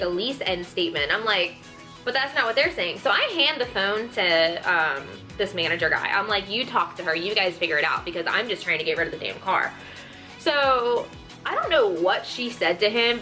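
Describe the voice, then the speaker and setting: Young woman vlogger, bright and animated, exasperated storytime rant, faint music bed. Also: medium pitch. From Texas, USA. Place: room at home.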